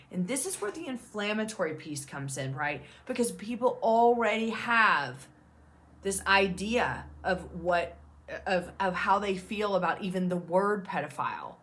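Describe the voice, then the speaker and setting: Her voice is lowish and fairly bright, animated yet measured in pace. She's a woman in her thirties advocating for OCD peer support, speaking to her viewers on camera with earnest, emphatic reassurance.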